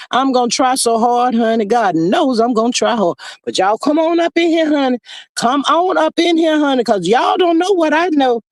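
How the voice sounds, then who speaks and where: A woman's voice: high voice, dry recording, clean studio sound. A woman hosting a live stream, talking animatedly to her viewers in a preachy call-out style.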